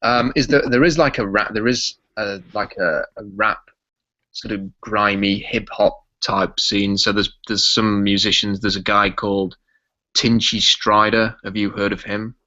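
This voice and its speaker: A man from Yorkshire with a Yorkshire English accent, a podcast guest chatting casually in a relaxed, rambling way with lots of ums. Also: lowish voice, unhurried, highs cut off. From Yorkshire, England.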